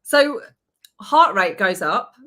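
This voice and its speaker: Bright-voiced woman telling a story. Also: mid-range voice, slow pace. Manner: animated storytelling, swears, acts out quotes. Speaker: podcast host. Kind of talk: casual chat.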